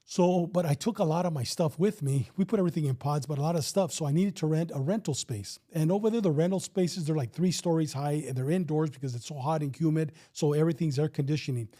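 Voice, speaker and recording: A man's voice: a little high, fast talker, few pauses, mellow. A man in his fifties, a retired police officer, telling a story in a casual interview and acting out the dialogue with some swearing.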